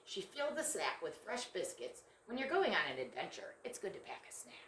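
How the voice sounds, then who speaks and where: A woman reading a picture book aloud to children, lively and animated, stopping to ask the young listeners questions. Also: on the low side, fairly quick, a little hiss or hum. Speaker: storyteller. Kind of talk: children's story read-aloud. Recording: echoey room.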